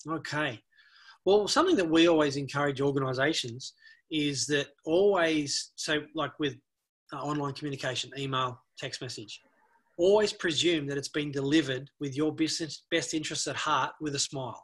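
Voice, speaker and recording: Middle-aged male guest, earnest storyteller, breathy-edged voice. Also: fairly high pitch, normal speed, a bit bright. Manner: earnest, storytelling, repeats words while thinking. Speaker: anti-bullying expert guest. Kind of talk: conversational interview.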